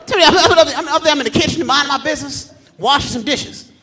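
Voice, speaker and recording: A man in his thirties doing live stand-up comedy on a theater stage, telling loud, profane stories about his kids and acting them out in squeaky shouts. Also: fast talker, some chatter behind. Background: live audience laughter.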